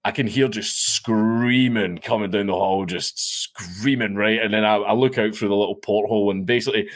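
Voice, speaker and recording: A man's voice: on the low side, fairly even intonation, normal speed. A Scottish man telling a story as a guest on a podcast, rambling, swearing freely and laughing often. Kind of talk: casual storytelling chat.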